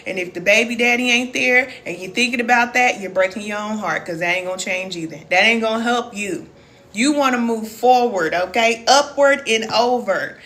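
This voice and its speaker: A woman's voice: mid-range voice, a bit bright, slight background noise. A woman in her forties with a Southern US accent, speaking as a wellness coach and reading viewer comments aloud with a preacher-like cadence. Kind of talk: live-stream motivational talk.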